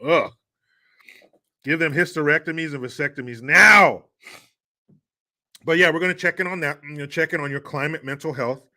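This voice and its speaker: A man's voice: on the high side, normal speed, long pauses, bright, forceful tone. A man hosting a podcast, ranting in a crude, mocking, profane way and laughing scornfully. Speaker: podcast host. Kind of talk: solo commentary rant.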